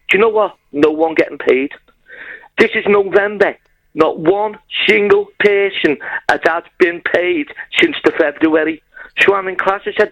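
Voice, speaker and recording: Gravelly man on a phone line. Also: high-pitched, moderate pace, a bit bright. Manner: blunt, heartfelt storytelling. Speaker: caller. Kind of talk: phone-in call.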